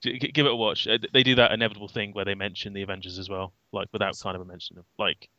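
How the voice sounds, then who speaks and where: British male co-host, low-ish bright voice, halting casual delivery, dry slightly muffled mic. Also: steady tone, no echo. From Britain. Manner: stammering, many restarts and fillers. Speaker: podcast co-host. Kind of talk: casual chat.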